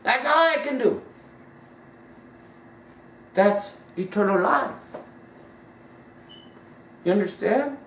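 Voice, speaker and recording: A woman preaching a sermon emphatically, swinging from loud high peaks down to hushed drops. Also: lively intonation, takes it slowly, pauses often, a little hiss or hum. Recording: roomy sound from a distant mic.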